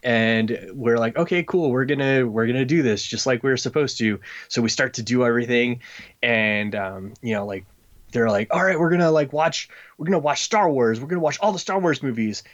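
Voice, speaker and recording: A man's voice: medium pitch, a little fast. A man chatting casually on a podcast, telling a rambling story full of fillers and acting out other people's voices. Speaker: comic book creator. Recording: slightly dull lo-fi audio.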